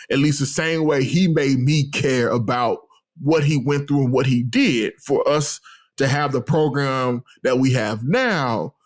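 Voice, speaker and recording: A man, telling stories as an interview guest and acting out the lines he quotes. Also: medium pitch. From Texas. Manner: animated, acts out his own remarks and others' lines in quotes. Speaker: guest, postdoctoral researcher. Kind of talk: casual storytelling interview.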